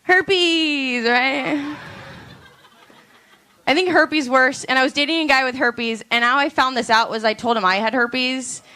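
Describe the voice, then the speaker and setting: A woman doing a stand-up comedy set on a club stage, with deadpan, drawn-out punchlines. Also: high-pitched, clean tone.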